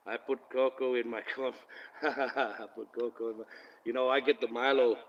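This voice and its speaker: A man's voice: mid-range voice, recorded from a distance, muffled recording, a little hiss or hum. A man hosting a casual live stream into his phone, rambling, swearing freely and laughing often. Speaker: livestream host. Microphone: phone camera.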